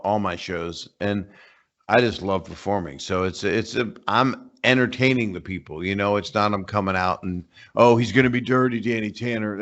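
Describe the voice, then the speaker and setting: Older comedian guest, lowish voice, rambling wry jokes, muffled lo-fi call audio. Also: male voice, fairly bright tone. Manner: rambling, joking, wry asides. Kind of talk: casual interview chat over a call. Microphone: remote call connection.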